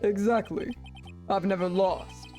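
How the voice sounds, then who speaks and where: A woman voicing an arrogant masked male prosecutor in a deep, slow, theatrical voice. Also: steady tone, dark tone, faint music behind, close to an everyday voice. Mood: smug.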